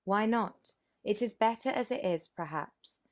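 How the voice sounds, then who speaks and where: A woman voicing a shy young governess who is guarded and sly, speaking hesitantly and softly. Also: medium pitch, a little slow, lightly acted. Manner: hesitant and soft.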